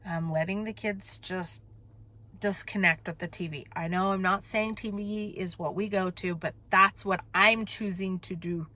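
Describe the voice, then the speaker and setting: This vlogger's voice is medium-pitched, bright and forceful, with a steady tone and measured pace. Talking to viewers from a parked car, she shares things candidly and emotionally, rambling and interrupting herself partway through thoughts.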